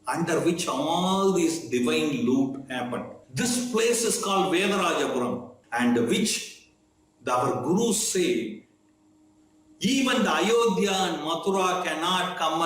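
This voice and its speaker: A man tells a devotional story, talking to his listeners informally and checking in with them often. His voice sits a little high for a man. The recording is very echoey with a faint hiss behind it. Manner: conversational, frequent "okay?" check-ins and fillers. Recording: very echoey room, faint noise.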